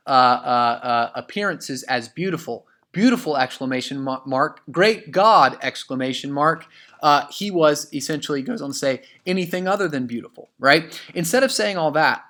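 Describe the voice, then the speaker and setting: Male high school English teacher, slightly high voice, recorded lesson, patient explaining with lots of fillers and restarts. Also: pushed and bright. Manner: explanatory, many fillers and restarts, reads quotes with punctuation aloud. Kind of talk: recorded lesson walking through an essay example.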